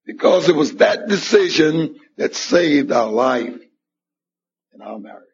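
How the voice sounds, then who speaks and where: Gravelly, husky man telling his story. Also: a little high, sing-song, unhurried. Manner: storytelling with acted-out quoted dialogue. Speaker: speaker at a recovery meeting. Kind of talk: personal testimony at a recovery meeting. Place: meeting hall. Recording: dull lo-fi 1991 meeting tape.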